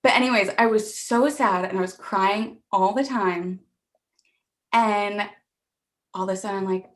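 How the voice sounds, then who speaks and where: Young woman guest, laughing, self-mocking. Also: medium pitch. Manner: self-deprecating, laughs often, dramatic in retellings. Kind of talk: casual chat.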